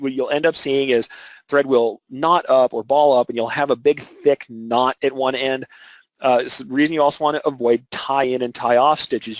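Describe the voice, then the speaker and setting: A man's voice: mid-range voice, no echo, poor audio. A man teaching an embroidery webinar, explaining technique step by step with filler words and restarts. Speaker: embroidery instructor.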